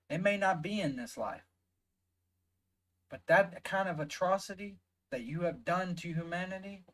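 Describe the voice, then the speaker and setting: Slow, heated Southern man ranting. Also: a little high, fairly bright tone, poor audio. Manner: heated, emphatic, swears often, drawn-out stresses. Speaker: reaction video host. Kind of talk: ranting reaction commentary.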